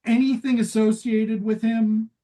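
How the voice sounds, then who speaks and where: A woman co-hosting a comedy podcast in casual chat, sardonic and quick to swear, with sudden leaps in pitch. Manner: sardonic, swears freely, lively jumps in pitch. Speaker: podcast co-host.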